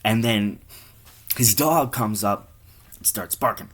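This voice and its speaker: A man's voice: fairly low pitch, slow, long pauses, a bit bright. A man improvising a crude comic story, rambling and stammering as he goes. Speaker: comedy storyteller.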